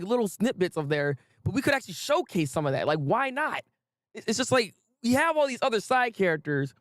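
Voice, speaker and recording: A man with a high-pitched voice hosts a casual anime commentary, ranting animatedly with frequent laughs, repeated phrases and casual swearing. The studio sound is clean, with no echo.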